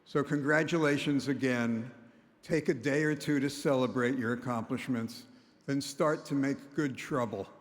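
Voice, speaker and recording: An older man giving a prepared commencement speech from a podium, measured and wry, often quoting others. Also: mid-range voice, noisy background. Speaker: commencement speaker. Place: large concert hall. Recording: long reverb of a large hall.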